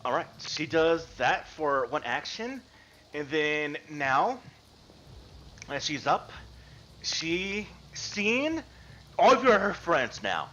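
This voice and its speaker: A man running a tabletop game as game master over a video call, narrating and explaining the rules in an animated way. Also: a little high, slow pace, pauses often, a little hiss or hum. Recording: dull lo-fi mic.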